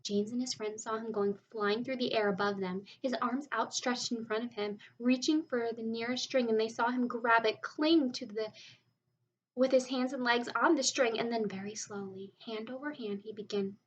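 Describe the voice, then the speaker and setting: A woman narrating a children's novel aloud with expressive storytelling. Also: fairly high pitch, normal speed, far from the mic, dull audio, a little hiss or hum. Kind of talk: audiobook reading of a children's novel.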